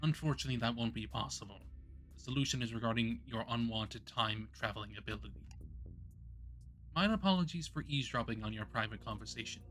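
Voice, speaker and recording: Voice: medium pitch, quick pace, a bit bright, soft background music, natural voice. A game streamer voicing a polite, old-fashioned male zombie mastermind while reading a visual novel aloud. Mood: courtly.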